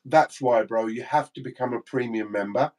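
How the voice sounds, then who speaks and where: A man's voice: medium pitch, moderate pace, darkish tone, low-quality recording. An English man co-hosting a casual livestream, reading out viewer comments and laughing easily. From England. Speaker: livestream co-host.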